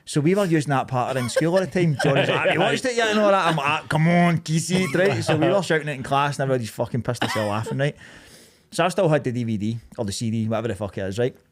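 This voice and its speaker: A Glaswegian man in his thirties telling a story in casual podcast chat. He swears freely and laughs as he talks, at a medium pitch. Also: expressive, very fast. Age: 30s. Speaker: podcast co-host.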